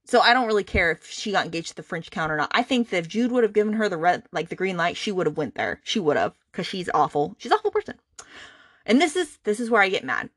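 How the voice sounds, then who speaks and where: A woman's voice: lowish voice, expressive, fast, hardly any pauses, fairly bright tone, dry recording, clean studio sound. A woman hosting a book podcast, recapping a romance novel in a chatty, indignant way full of fillers. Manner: chatty, many "like"s, indignant asides.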